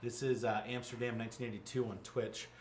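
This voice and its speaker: A man's voice: medium pitch, little pitch movement, quick pace, a little mellow, a little hiss or hum. A man co-hosting a casual comics chat show, rambling through plot summaries with lots of fillers and restarts. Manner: rambling, many fillers and restarts, acts out quotes. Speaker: podcast co-host. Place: game store. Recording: echoey room.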